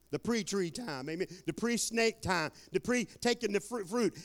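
A man preaching a lively sermon as pastor, folksy and whooping, with shouted outbursts. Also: high-pitched, normal speed.

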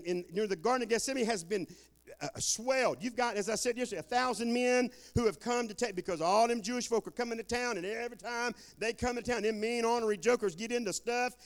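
An older man preaches a sermon in a homespun, folksy way. He keeps calling out for amens. He swings from shouted bursts down to low, quiet asides. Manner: folksy Southern preaching, calls for amen, swings loud and soft.

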